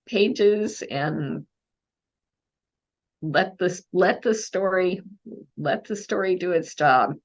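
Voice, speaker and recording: A woman with a Texan accent, a mystery novelist answering interview questions in a thoughtful, casual way with many pauses and fillers. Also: lowish voice, dull audio. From Texas, USA.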